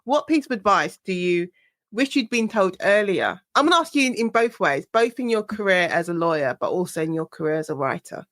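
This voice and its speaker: A woman's voice: on the low side, fairly quick, no echo, clean studio sound. A woman hosting a podcast, chatting casually and telling stories with frequent laughter. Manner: animated, laughs often while telling anecdotes. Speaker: podcast host. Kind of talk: casual interview chat.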